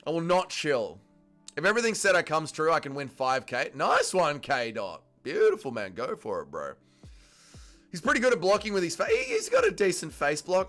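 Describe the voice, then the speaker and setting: Excitable Australian man, bright lively voice. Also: fairly high pitch, normal speed, faint music behind. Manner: excitable, profane, yells at fighters. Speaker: livestream host. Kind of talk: live fight watch-along commentary.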